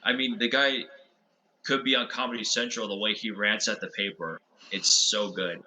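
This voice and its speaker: A man guesting on a podcast, telling stories in an animated, amused way in casual conversation. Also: lowish voice, normal speed, a little hiss or hum, rough recording.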